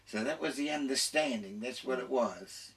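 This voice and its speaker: Older Australian man, gravelly and bright. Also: medium pitch, normal speed, recorded from a distance. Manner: storytelling with restarts and laughter. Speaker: guest on a radio programme. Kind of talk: rambling life-story talk.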